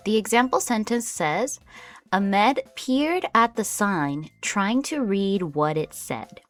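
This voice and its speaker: A woman teaching English vocabulary in a slow, clear lesson, patiently explaining each word with example sentences. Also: medium pitch, lively intonation, faint music behind.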